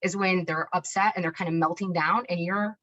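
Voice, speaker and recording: Lower-voiced woman, casual talk presentation. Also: steady tone, fairly quick, a bit bright. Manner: conversational, frequent "right?" and "you know". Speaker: speaker on child behavior. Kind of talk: informal presentation. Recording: dull lo-fi recording.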